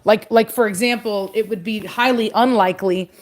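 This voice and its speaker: A woman's voice: mid-range voice, fairly even intonation, normal speed. A woman breeding dogs, chatting casually on a livestream and teasing her puppies in a playful scolding way. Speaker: dog breeder hosting a livestream.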